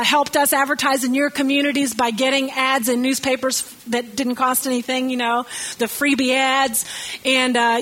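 High-voiced chatty Southern woman pastor. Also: rough recording. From American South. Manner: chatty, warm storytelling with laughs. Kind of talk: church announcements.

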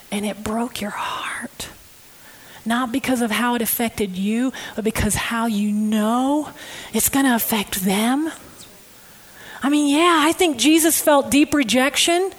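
A woman preaching a conversational sermon, emotive and personal, moving from hushed, near-whispered passages to loud, stirring ones. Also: on the high side, low-quality recording.

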